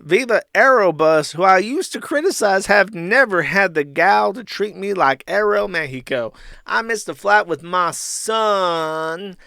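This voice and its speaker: A man doing a drunk, indignant ranter, his voice pushed high and loud, the whole thing sounding like a mocking send-up. The recording is dry and close. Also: a little slow, clear, resonant tone, no echo, full character voice. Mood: furious ranting. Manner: shrill, indignant ranting. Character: outraged drunk man ranting at an airline.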